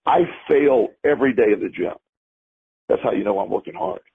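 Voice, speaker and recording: A man's voice: fairly low pitch, brisk, gravelly, slightly rough. A man co-hosting a podcast, telling a story in a rambling way and repeating his words as he starts sentences. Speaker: podcast co-host. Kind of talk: casual conversation, storytelling. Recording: lo-fi phone-like audio.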